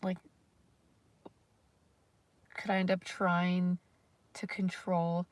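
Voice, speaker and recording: A woman's voice: fairly low pitch, monotone, very slow, long pauses, no room sound. Rambling, self-conscious woman vlogger. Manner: rambling, self-conscious, lots of fillers and swearing. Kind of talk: casual livestream talk.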